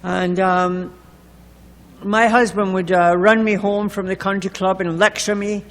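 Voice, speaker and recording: A woman's voice: mid-range voice, little pitch movement, measured pace. Wry, candid woman in echoey hall. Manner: candid, wry storytelling with self-mocking humor. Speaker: recovering alcoholic sharing at a meeting. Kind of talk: personal recovery story told to a group. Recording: echoey meeting hall recording.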